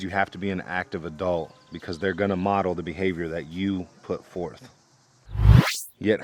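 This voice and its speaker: A young man, a father, telling a casual vlog story about parenting in a relaxed, conversational way. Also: deep voice. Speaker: parent vlogger.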